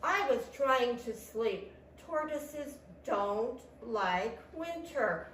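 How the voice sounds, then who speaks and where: A woman voicing a grumpy, sleepy male tortoise who grumbles slowly, in an echoey room. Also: on the high side, animated, a bit bright, a little hiss or hum, exaggerated voice. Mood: grumbling. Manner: slow grumbling complaint. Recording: echoey room, mic at a distance.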